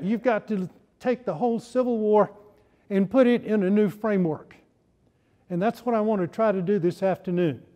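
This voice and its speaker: High-voiced, mellow male lecturer. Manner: humorous storytelling, wry asides. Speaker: historian giving a lecture. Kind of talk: campus lecture. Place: lecture room on campus.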